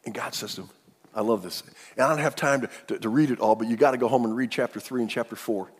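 A pastor preaching a sermon, retelling the story in an animated way that swings from hushed to emphatic. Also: male voice, medium pitch, quick pace, husky, big-room sound.

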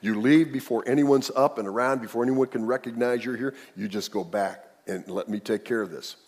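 A man's voice: medium pitch, a little fast, a little mellow. A man preaching a sermon, explaining a scripture passage in a conversational way and putting questions to his listeners. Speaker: pastor. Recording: long reverb of a large hall.

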